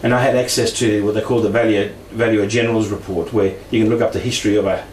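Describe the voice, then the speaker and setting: A middle-aged Australian man with a fairly low, darkish voice talks at a quick pace with a level tone. He tells a casual personal story of paranormal experiences, often laughing and acting out quoted voices. An echoey room, distant mic, and faint noise are audible.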